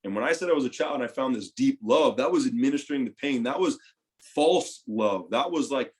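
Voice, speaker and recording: Young guy telling his story on a podcast, swearing, animated, gets loud then goes quiet. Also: medium pitch, a little fast. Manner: animated, profane, swings between loud and hushed. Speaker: podcast guest, retired football player. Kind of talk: candid storytelling interview.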